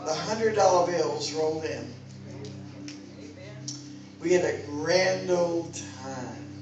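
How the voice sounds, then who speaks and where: A woman preaches with fervent, exhorting energy, her voice climbing to loud calls. The sound is heavily echoey and picked up from a distance, with music playing clearly behind her. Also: low-pitched, takes it slowly, highs cut off. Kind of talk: sermon. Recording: very echoey room, mic far off, music behind.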